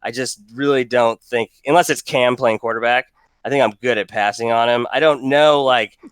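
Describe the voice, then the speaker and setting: A man's voice: medium pitch, steady tone, normal speed, clear, resonant tone, no room sound. A man co-hosting a podcast in a casual, joking chat that rambles with restarts. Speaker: podcast co-host. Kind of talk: casual fantasy football chat.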